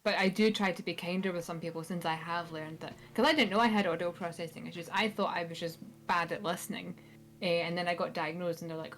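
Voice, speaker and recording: A Scottish woman chatting casually on a live stream, telling animated stories. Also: lowish voice, quick pace, slight background noise. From Scotland. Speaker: podcast guest. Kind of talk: casual chat. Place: live stream, home setup. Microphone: stream mic.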